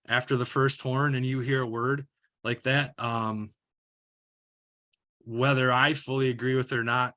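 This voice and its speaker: A man's voice: medium pitch, bright, forceful tone. A male basketball referee giving practical, matter-of-fact officiating advice with some fillers. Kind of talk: instructional talk on officiating.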